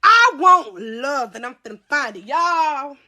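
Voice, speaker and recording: A young woman spins a storytime on a live stream, talking straight to her viewers. Her voice sits high and sounds bright, and she keeps it animated and profane, laughing as she goes. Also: a little slow. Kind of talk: casual storytime chat to a live audience.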